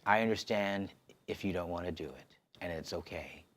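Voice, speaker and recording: Man quoting a pleading woman friend, tearful, soft, low voice. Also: moderate pace, lightly acted.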